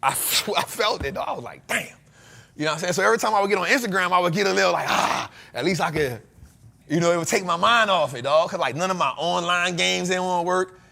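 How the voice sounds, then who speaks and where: A man's voice: high voice, fast, creaky, pushed and bright. A man, the host of a show, telling a story in a casual, slangy way and laughing often. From United States.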